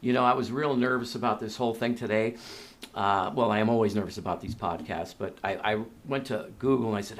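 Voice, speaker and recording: A man's voice: fairly low pitch, quick pace. A middle-aged man hosting a casual interview podcast in a library conference room, chatty and affirming. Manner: chatty, folksy, affirming with short replies. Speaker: podcast host.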